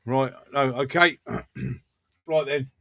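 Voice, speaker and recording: A livestream host from England's Black Country speaks very slowly in a medium-pitched, slightly bright voice with vocal fry and fairly even intonation. He chats casually with viewers, reading their comments, joking and laughing a lot. The recording sounds muffled.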